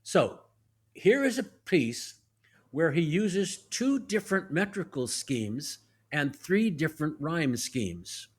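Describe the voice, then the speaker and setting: Lively teacherly man, slightly high voice. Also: slow, breathy edge. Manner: teacherly, lively, walks through examples step by step. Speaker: guest, actor and professor. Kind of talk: explanatory podcast conversation.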